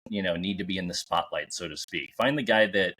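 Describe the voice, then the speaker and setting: A man with a very deep voice hosts a casual podcast interview. He gives upbeat, encouraging advice in a relaxed, conversational way. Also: fairly quick, slightly rough. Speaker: podcast host.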